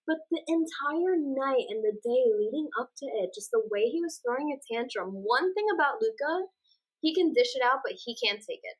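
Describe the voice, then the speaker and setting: A young woman co-hosting a chatty podcast, her voice sitting a little high. She talks in animated, exasperated bursts and slips into quick acted-out quotes of the people she's discussing. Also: husky, rough recording. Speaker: podcast co-host. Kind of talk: casual chat.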